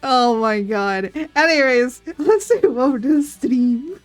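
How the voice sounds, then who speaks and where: Woman, livestream chat, giggly, rambling, slightly high voice, faint music underneath. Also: slow pace. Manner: giggly, rambling, animated retelling. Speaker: streaming artist.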